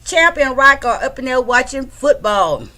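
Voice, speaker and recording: A woman's voice: sits high, very animated, moderate pace, sharp tone. A woman hosting a casual livestream from home, chatting loosely and greeting her viewers by name. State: a bit out of breath. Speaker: livestream host.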